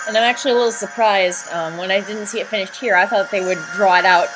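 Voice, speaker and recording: A woman giving casual, chatty video commentary with excitable fan enthusiasm. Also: mid-range voice, fast, over music, low-quality recording.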